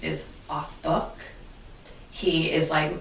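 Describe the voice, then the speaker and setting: Brief: earnest woman teacher, deep voice, roomy distant recording. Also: measured pace, slight background noise. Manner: earnest, animated storytelling with restarts. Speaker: teacher, interview guest. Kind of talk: conversational interview. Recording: echoey room, distant mic.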